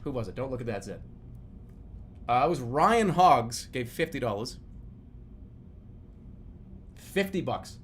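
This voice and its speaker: Animated man in his thirties, rambling. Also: medium pitch, a little slow, long pauses, a little hiss or hum. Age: 30s. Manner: rambling, profane, animated storytelling. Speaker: streamer. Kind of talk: casual live-stream chat.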